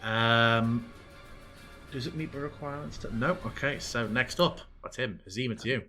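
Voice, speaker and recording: A man acting as game master, narrating combat in a relaxed, playful way. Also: mid-range voice, normal speed, soft background music. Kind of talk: running a tabletop game online.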